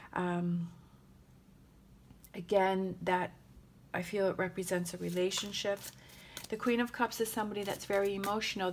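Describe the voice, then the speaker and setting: A woman giving a casual tarot reading in a gentle, rambling and emotional way, with many pauses and fillers. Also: medium pitch, slight background noise. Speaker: tarot reader.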